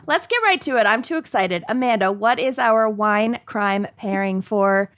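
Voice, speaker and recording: A woman's voice: medium pitch, normal speed, a bit bright. A woman, co-hosting a casual podcast chat in a bubbly, giggly way. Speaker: podcast co-host.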